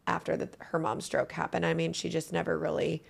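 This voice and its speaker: A woman with a lowish, gravelly voice recounts a personal story as an interview guest. Her telling is earnest and emotional. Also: little pitch movement, brisk.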